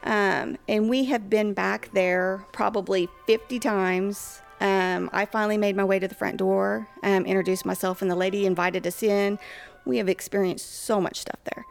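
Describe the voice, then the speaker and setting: A woman recounts a ghost story in a relaxed, chatty way. Her voice has a gravelly, creaky edge, and she sits at a middling pitch. She keeps her talk loose, with plenty of fillers along the way. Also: normal speed, faint music behind. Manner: chatty, with frequent fillers and acted-out quotes. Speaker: guest telling a ghost story. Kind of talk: casual storytelling.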